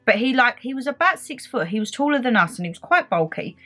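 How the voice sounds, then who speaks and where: Young woman, casual storytime vlogger, fired-up and chatty, soft music bed. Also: a little high, fast talker. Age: young adult. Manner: animated, indignant retelling with quoted back-and-forth. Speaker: beauty vlogger.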